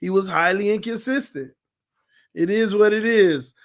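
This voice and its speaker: A man hosting a fan sports channel, talking in loose, animated commentary that swings between shouting and laughing. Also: high voice, normal speed. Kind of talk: casual fan commentary livestream.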